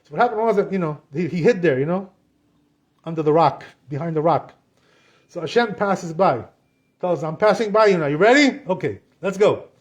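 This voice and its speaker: Rabbi, man, high-pitched; lively storyteller who acts out the dialogue. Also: moderate pace. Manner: animated retelling, acts out dialogue, frequent "you know". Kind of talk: storytelling Torah class.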